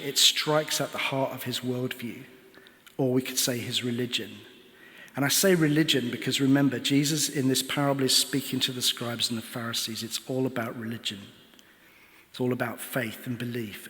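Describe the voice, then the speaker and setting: In a church, a man with a mid-range, slightly bright voice preaches a sermon, earnestly retelling a parable and posing rhetorical questions. The recording carries church hall reverb.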